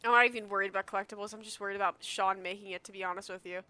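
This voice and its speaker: A woman streamer giving animated, swearing commentary as she plays a game and talks to its characters. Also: medium pitch, rapid-fire, clear, resonant tone, no echo. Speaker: gamer streamer. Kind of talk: let's play commentary.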